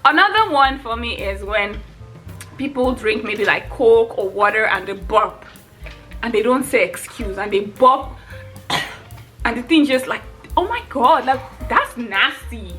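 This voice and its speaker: A woman's voice: a little high, moderate pace, faint music behind. Exasperated woman ranting to camera. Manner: animated, exasperated, laughs often. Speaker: vlogger. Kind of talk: casual ranting vlog.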